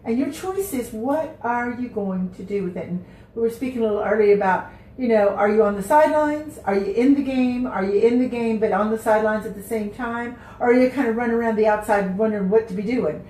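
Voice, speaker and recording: A woman's voice: fairly high pitch, brisk, mellow, far from the mic. A woman hosting a radio show, chatty and rambling, often losing her train of thought. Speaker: radio host. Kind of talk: casual radio chat. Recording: roomy, off-mic.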